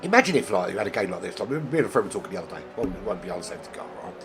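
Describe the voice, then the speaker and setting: A man with a cold and a nasal voice, commentating an online sim racing league, rambling into asides and getting excited during close battles. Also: low voice, very fast, vocal fry. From not American. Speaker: race commentator. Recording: game music and engine noise behind. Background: racing game audio and music.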